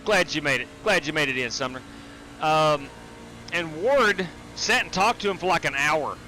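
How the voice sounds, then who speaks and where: Streaming a sim race live, a man greets viewers and chats casually while driving, with frequent fillers and restarts. His voice is on the high side, animated, bright, and forceful at a moderate pace, with soft music playing behind him.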